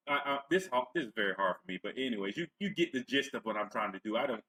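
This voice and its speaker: Bright-voiced sarcastic man ranting. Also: fairly low pitch, expressive, fast talker, few pauses, poor audio. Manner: sarcastic, profane, mocking. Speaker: commentary vlogger. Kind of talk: mocking commentary rant. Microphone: clipping mic held away from face.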